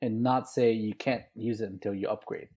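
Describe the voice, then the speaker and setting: A man's voice: lowish voice, fairly even intonation, moderate pace, darkish tone. A man co-hosting a casual panel chat, talking loosely and tagging his points with "right?". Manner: chatty, tags points with "right?". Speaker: podcast co-host.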